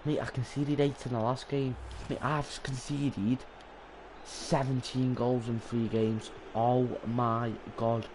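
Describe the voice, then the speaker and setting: A young man commentating his own live gameplay stream, excitable, swearing and yelling at the game. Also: mid-range voice, takes it slowly, noisy background. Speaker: gaming streamer.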